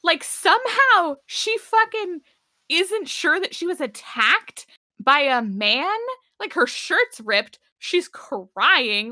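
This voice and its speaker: High, bright-voiced woman chatting animatedly. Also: slow pace, no echo. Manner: animated, swearing, laughing often. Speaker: podcast co-host. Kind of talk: casual chat recapping a TV episode.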